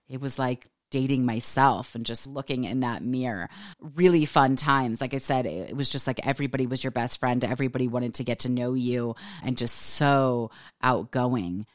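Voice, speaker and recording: A woman in her forties with a Californian accent, telling stories as a podcast host, fast-talking and animated and saying "like" a lot. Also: rumbling low, no echo, studio quality. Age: 40s. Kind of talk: casual storytelling.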